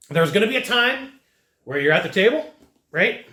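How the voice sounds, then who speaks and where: His voice sits high and sounds sing-song and sharp, moving at normal speed. The man, a sales trainer, teaches straight to camera in an echoey room, emphatically repeating phrases to hammer home each point.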